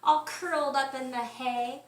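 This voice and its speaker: A woman kindergarten teacher gently reading a picture book aloud to children at home. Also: high-pitched, unhurried. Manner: gentle, expressive storytime voice. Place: home room. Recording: echoey room, mic at distance.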